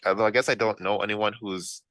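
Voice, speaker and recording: A lower-pitched man with a bright, forceful tone runs a tabletop game as game master. His talk is relaxed and chatty, full of "um" and "like". The sound is dry and close, with no room echo. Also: brisk. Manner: relaxed, conversational narration with fillers.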